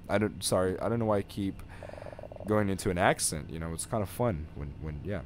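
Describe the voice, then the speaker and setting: A man's voice: low-pitched, fairly quick, slight background noise. A young man chatting and joking through a horror game for his viewers, swearing now and then. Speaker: gaming youtuber. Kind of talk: let's play commentary.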